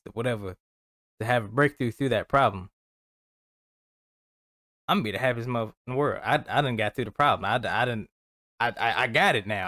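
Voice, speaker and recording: A man's voice: on the low side, a bit bright, no echo, studio quality. A man co-hosting a casual motivational podcast, talking in a loose, earnest way with plenty of slang. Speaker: podcast co-host.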